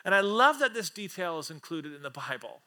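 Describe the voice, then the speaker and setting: A man preaching a lively, playful sermon in a high voice. His tone is strikingly bright and sharp. He swings between loud acted-out quotes and quiet, joking asides. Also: brisk. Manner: playful, casual slang and self-aware jokes. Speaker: pastor.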